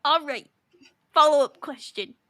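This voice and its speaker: A woman's voice: high-pitched, measured pace, bright, forceful tone. A woman co-hosting a podcast in casual chat, playful and giggly, teasing her co-host. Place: podcast studio.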